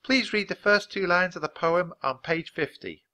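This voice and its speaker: A man's voice: sits high, normal speed, voice pushed up. A man voicing a kindly, polite frontier schoolteacher woman in a children's storybook reading. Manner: gentle, polite, encouraging.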